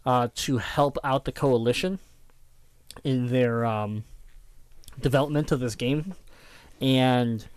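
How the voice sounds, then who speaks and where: A man co-hosting a casual chat about video games, rambling and acting out his own excited reactions. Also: medium pitch, takes it slowly, pauses often, clear, resonant tone. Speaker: podcast co-host.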